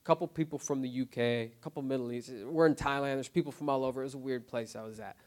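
A man sharing his recovery story in a casual, unscripted way, often quiet and subdued. He talks haltingly, filling his sentences with "like" and "you know what I mean" and restarting his phrases. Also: mid-range voice, fairly even intonation. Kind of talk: personal testimony, casual and unscripted. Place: recovery group meeting.

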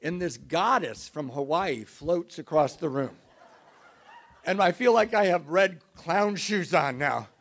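A middle-aged man telling a self-mocking recovery story to an audience, in an animated way. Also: fairly high pitch, unhurried. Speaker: speaker sharing recovery story.

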